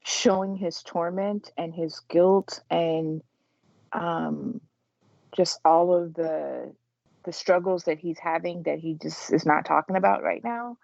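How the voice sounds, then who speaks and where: Mellow low-voiced woman, hesitant. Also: slow pace, creaky, dry recording. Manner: hesitant, lots of fillers. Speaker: podcast co-host. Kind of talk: casual TV recap chat. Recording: dull, dry lo-fi sound.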